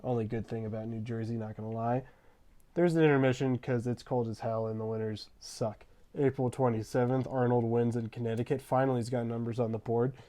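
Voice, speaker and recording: A man's voice: mid-range voice, a little fast. Jokey young man narrating history. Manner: jokey, slangy, deadpan asides. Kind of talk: comedic history narration over gameplay.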